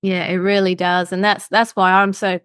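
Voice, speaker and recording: A woman's voice: mid-range voice, level tone, moderate pace, a bit bright, clean tone, dry recording, studio quality. A woman hosting a podcast, chatting casually and affirming her guest often. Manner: encouraging, frequent affirming murmurs. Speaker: podcast host.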